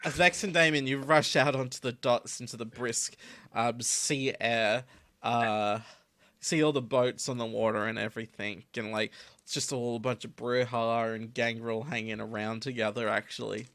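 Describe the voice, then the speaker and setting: A man's voice: mid-range voice, steady tone, moderate pace, fairly bright tone, no room sound. A man narrating and running a tabletop role-playing game in a casual, filler-heavy way. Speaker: storyteller.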